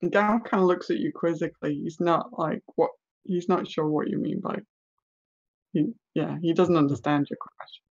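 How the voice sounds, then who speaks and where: A game master narrating a tabletop game, pausing often with ums and uhs. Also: medium pitch, steady tone, dull audio. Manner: halting, with many ums and uhs.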